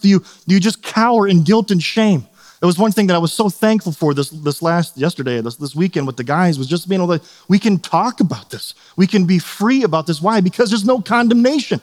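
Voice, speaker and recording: A middle-aged pastor preaches conversationally in a large hall, often checking in with "right?" and acting out little scenes and quotes. His voice is high with a darkish tone, at a moderate pace.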